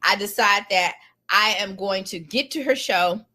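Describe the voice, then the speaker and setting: A middle-aged woman, a lawyer telling a personal story in an animated, emphatic, colloquial way. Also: medium pitch, unhurried.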